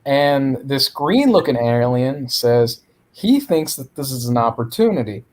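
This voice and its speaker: A man's voice: mid-range voice, big pitch swings, a little slow, a little mellow. Man recapping a comic, jokey. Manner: jokey, acts out character lines. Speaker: podcast co-host. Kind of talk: casual comic-book recap.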